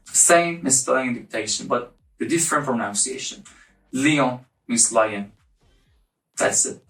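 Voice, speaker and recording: A man teaches vocabulary at a slow, deliberate pace, saying each word again and again for the listener to copy. He sounds set back from the mic in a reverberant room, with soft music faintly underneath. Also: mid-range voice, expressive. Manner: slow, repeats each word several times for the viewer to copy. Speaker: language teacher. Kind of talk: casual online language lesson. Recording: echoey room, mic at a distance.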